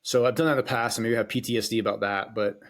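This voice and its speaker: A man's voice: mid-range voice, fairly even intonation, rapid-fire. A man hosting a solo podcast, talking in a casual, rambling way, swearing freely and hesitating often. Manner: rambling and profane, with frequent hesitations. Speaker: podcast host.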